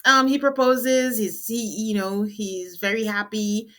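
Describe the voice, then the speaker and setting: Woman host, animated recapper who acts out the quotes, slightly higher voice. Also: measured pace. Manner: animated storyteller, acts out what people said. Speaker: podcast host. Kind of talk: casual chat recapping a reality show.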